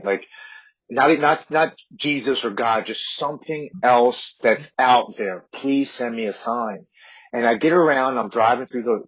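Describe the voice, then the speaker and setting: Husky-voiced guy in his 40s, low voice, earnest story, dull lo-fi sound. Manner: earnest, repeating words as he talks. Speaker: podcast guest. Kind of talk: personal recovery story. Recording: dull lo-fi audio.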